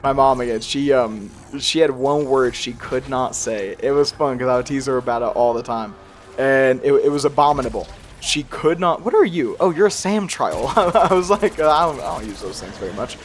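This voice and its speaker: A man's voice: medium pitch, moderate pace. A young man with a faint accent he tries to hide talks through a game he is playing. His commentary rambles and pokes fun at himself, and he laughs often in an ordinary mid-range voice. A faint hiss sits under the recording. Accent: slight regional accent he tries to hide. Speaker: gaming youtuber. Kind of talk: casual gameplay commentary.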